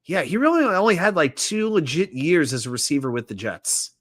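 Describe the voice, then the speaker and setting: On a casual sports livestream, a man with a fairly high-pitched voice moves briskly through trivia. Animated and joking, he reads the viewer chat aloud.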